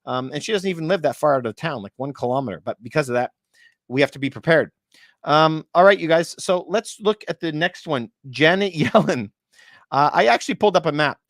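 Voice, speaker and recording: A man's voice: a little high, expressive, fairly quick, fairly bright tone, no room sound, studio quality. Chatty man explaining markets to viewers. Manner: chatty, rhetorical questions, addresses viewers as you guys; laughs at points he finds absurd. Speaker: real estate and market commentator. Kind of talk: casual explainer monologue.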